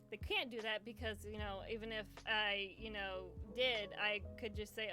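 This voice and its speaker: Over lofi hip hop, a young woman running a charity livestream tells a casual story packed with cursing and laughs. She speaks a little high and a little fast, with hardly any pauses.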